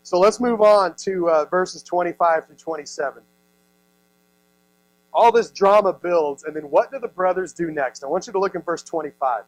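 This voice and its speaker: A man's voice: sits high, normal speed, poor audio. A man in his thirties, a youth pastor, giving a playful sermon and acting out the people in the story. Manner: playful, acts out voices, many "like"s. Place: youth service room.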